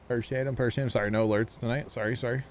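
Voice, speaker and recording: A man streaming a farming game, chatting in a relaxed, rambling way with friends. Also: medium pitch, very fast, a little hiss or hum. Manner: laid-back, rambling. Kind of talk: casual gaming stream chat.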